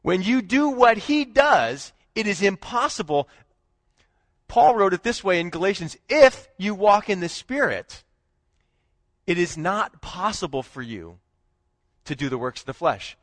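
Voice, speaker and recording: A high-pitched man preaching a church sermon, rising to loud emphasis and then sinking low and quiet. The recording is dry and close, with almost no room sound. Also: unhurried, no echo. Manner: animated preaching, swinging between loud emphasis and low hushed lines. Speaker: pastor.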